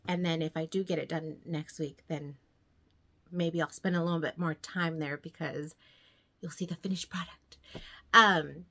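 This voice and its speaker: A woman's voice: low voice, fairly even intonation, moderate pace, sharp tone. A woman vlogging casually about her knitting, slightly out of breath, chatty and rambling with frequent laughs. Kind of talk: casual chat to camera.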